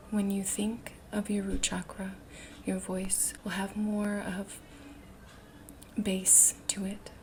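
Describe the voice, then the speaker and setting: A woman giving a self-help talk, speaking slowly and deliberately, often dropping into a breathy near-whisper. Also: mid-range voice, a little mellow, slight background noise. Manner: demonstrates different ways of speaking.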